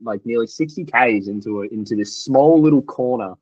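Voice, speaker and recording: A young Australian man with an Australian accent, recounting his story as a guest in an interview, animated and tumbling along with lots of "like". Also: mid-range voice, brisk, husky, dry recording, highs cut off. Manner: animated, tumbling retelling full of "like". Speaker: guest athlete.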